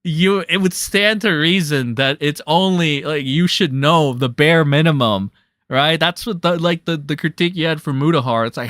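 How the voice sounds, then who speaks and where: A young man streaming, ranting angrily and profanely, mocking others in sarcastic high voices. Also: normal speed, a bit bright, dry recording, studio quality. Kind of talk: angry rant reacting to clips.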